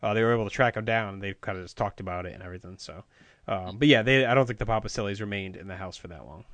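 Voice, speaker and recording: Man, podcast co-host, fast talker, bright voice, dry close sound, casual storytelling. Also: fairly low pitch, dry recording. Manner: quick, recounting memories with fillers. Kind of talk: casual chat recalling old wrestling shows.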